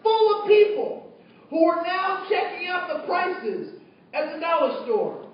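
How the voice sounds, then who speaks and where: A man telling an animated story to an audience, acting out voices and dialogue. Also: very high-pitched, a little slow. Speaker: diversity trainer telling a story. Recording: distant, dull, very echoey room recording with faint noise.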